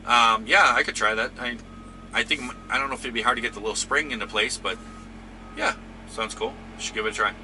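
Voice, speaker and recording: A man's voice: medium pitch, a little fast, background noise. A man hosting a trucking channel, chatting casually and rambling through viewer comments with lots of fillers.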